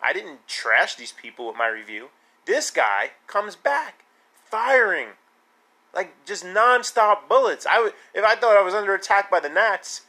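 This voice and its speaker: A man rants on his own podcast in a casual, animated way, indignant and sarcastic. His voice sits a little high and sounds bright and forceful. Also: a little slow. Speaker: podcast host. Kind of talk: casual solo podcast rant.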